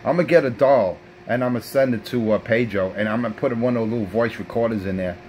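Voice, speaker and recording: A man's voice: mid-range voice, fast talker, muffled recording, a little hiss or hum. A man, trash-talking rivals as a brash, profane CB radio operator. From South Bronx, New York.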